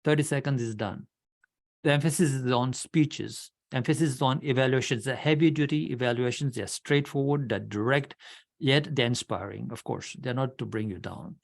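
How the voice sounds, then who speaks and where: A man's voice: mid-range voice, moderate pace, gravelly. A man leading an orientation at an online club meeting, talking in a blunt, direct way with frequent restarts. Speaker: club leader giving member orientation.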